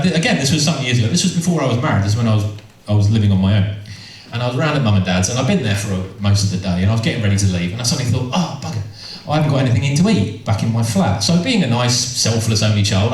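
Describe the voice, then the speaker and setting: Racing along with few pauses, this comedian's mid-range voice has lively intonation as he rambles through a stand-up story, cutting himself off, repeating himself and tossing in amused asides. The sound is distant and echoey, as if captured across a room.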